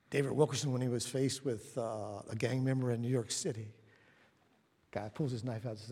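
A man preaching a sermon, telling stories and acting out the voices in them, moving from hushed whispers to loud, emphatic lines. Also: mid-range voice, fairly even intonation, a little fast, a little hiss or hum. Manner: storytelling, acts out quoted voices. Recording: long reverb of a large hall.

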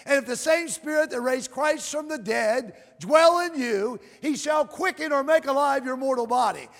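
A man preaching a sermon, calling out to the congregation and reading scripture in a slow, drawn-out cadence. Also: very high voice, creaky, fairly bright tone. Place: church sanctuary. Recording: long reverb of a large hall.

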